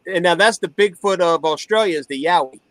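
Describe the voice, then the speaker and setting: A man co-hosts a casual homestead chat, blunt and joking. He talks fast in a slightly high voice, and the sound is dry and close. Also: a bit bright, no echo, low-quality recording. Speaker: co-host of a homestead channel.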